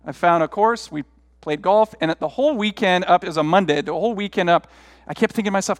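High-voiced man preaching a casual sermon. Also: quick pace, dry recording, studio quality, long reverb tail. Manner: conversational, rambling, self-deprecating anecdotes. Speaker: pastor. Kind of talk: sermon with personal storytelling.

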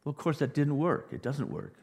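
A man preaching a sermon as pastor, animated, dropping to quiet asides and rising to loud emphasis. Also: on the high side, a little fast, husky. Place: church sanctuary. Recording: long reverb of a large hall.

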